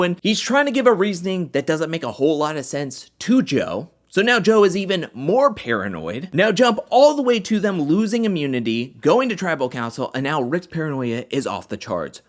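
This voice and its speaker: A man hosting an animated episode recap, telling the story in a casual way and acting out the quotes. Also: a little high, moderate pace, few pauses. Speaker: recap host.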